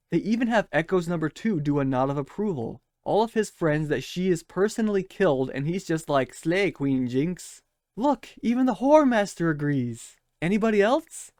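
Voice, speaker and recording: A man's voice: fairly high pitch, darkish tone, no echo, clean studio sound. A man giving scripted, sarcastic commentary as a show critic, scathing, mocking and profane.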